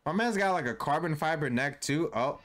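A man's voice: fairly high pitch, lively intonation, brisk, a bit bright. A young man giving casual, slang-heavy commentary on a game he is playing. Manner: casual, playful slang, voices characters in fun. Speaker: gaming YouTuber.

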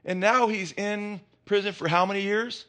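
A man preaching a sermon as pastor, impassioned and climbing to high emphatic peaks, asking the congregation questions and answering them himself, with rambling asides. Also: steady tone, moderate pace, bright, forceful tone.

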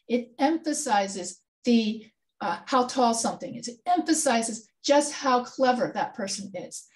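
A woman with a fairly high voice and a darkish tone leads an online grammar review as a writing instructor. During the class session, she patiently quizzes her students with questions.

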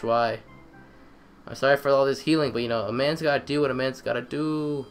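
A young man giving excitable let's-play commentary, trash-talking the game and repeating phrases in quick bursts. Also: medium pitch, faint music behind. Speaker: gamer.

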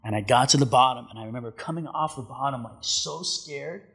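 Laid-back husky-voiced man telling stories. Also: medium pitch, a little fast, a bit bright. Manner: laid-back, swears a lot, acts out quotes. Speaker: podcast guest, pro surfer. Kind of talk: casual storytelling. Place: studio.

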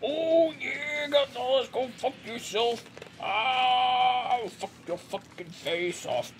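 A man's voice: very high-pitched, slow pace, slight background noise, pitched above the performer's own voice. A man voicing a boastful, hyped-up macho wrestler hero, growling boasts and profanity in a video game let's play. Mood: aggressive hype.

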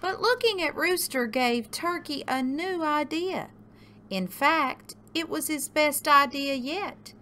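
A woman reading a picture book aloud for a library story time, in an expressive sing-song storytelling manner with big leaps for the animals. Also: high voice, slow pace, a little hiss or hum.

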